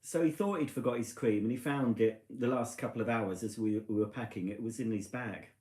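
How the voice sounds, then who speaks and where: A tipsy man rambles through a casual live stream from home and pokes fun at himself as he goes. His voice is mellow and sits at a middle pitch. The room gives his voice a noticeable echo, and he is picked up by a phone or webcam. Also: a little fast. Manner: rambling, chatty, self-mocking. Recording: echoey room.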